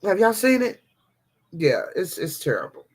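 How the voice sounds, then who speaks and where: A woman's voice: lowish voice, very animated, unhurried, husky. A woman hosting a casual devotional vlog, chatting animatedly and talking straight to her viewers.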